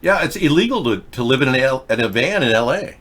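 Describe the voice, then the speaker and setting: A man hosting a political talk show, ranting in a rambling monologue, lurching from loud high outbursts to low mutters. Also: expressive, brisk. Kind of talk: rambling live-stream monologue.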